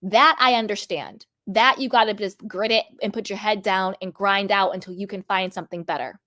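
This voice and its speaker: A woman hosting a reality TV commentary vlog, sassy and animated as she scolds. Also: medium pitch, normal speed, no echo, clean studio sound. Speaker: commentary host.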